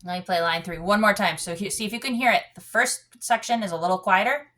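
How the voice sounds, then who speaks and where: Teaching piano, a woman talks at a quick pace in a medium-pitched, fairly bright voice. She explains things patiently and sings the counts aloud as she plays, with piano playing behind her.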